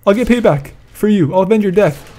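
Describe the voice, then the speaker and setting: A young man giving excited gameplay commentary, laughing, gasping and repeating himself as he plays. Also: high-pitched, quick pace. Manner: excitable, laughs and gasps often, repeats phrases. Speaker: gaming YouTuber. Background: background music.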